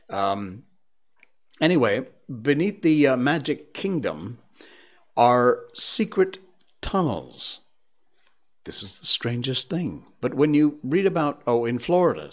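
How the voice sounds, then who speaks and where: A male stream host who reads strange stories aloud in a casual chat. He takes his time, and his pitch swings widely as he tells them. He drops in spooky little asides between the stories. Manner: slow, animated reader with spooky asides. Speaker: livestream host.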